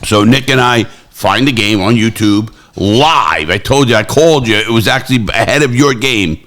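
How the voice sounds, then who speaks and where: A man's voice: mid-range voice, moderate pace. A middle-aged man hosting a casual podcast chat, telling rambling stories and acting out what others said. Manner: rambling storyteller, animated impressions. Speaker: podcast host.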